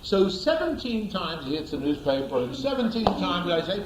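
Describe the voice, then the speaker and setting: A man lectures through a story in an animated, emphatic way, and his pitch swings freely and sits somewhat high. He repeats key words to drive them home. His voice echoes around a roomy lecture space, with a faint hiss behind it. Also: normal speed. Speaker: speaker, lecturer.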